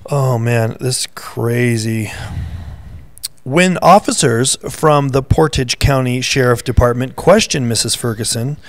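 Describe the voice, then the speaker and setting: A man's voice: mid-range voice, measured pace, dry recording. A man co-hosting a casual faith podcast, teasing his co-host and reading news headlines aloud in a playful quiz. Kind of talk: casual chat, quiz game.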